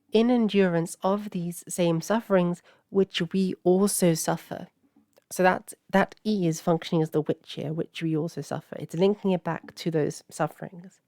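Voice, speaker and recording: A woman's voice: on the low side, dark tone, no room sound, clean studio sound. A woman teaching an old language word by word in a patient, explaining manner, with many fillers and self-corrections.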